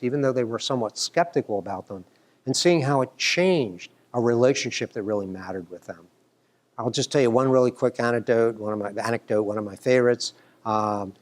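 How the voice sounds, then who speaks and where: Middle-aged male professor from New York, mid-range voice, earnest and halting conference talk. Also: mid-range voice. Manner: earnest, hesitant, many ums and restarts, leans into quoted dialogue. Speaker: writing professor giving a symposium talk.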